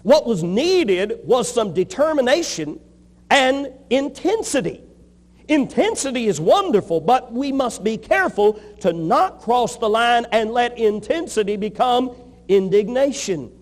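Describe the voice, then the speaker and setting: A man's voice: extremely high pitch, very animated, unhurried, long reverb tail. A man preaching a sermon as a pastor, with emphatic, rhythmic repetition.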